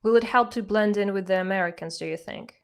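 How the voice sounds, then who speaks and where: A woman hosting an interview, whose first language is Russian. She speaks at a middle pitch and lays out her points step by step, like a teacher summing up. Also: gravelly. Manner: measured, explanatory, teacherly. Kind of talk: conversational interview.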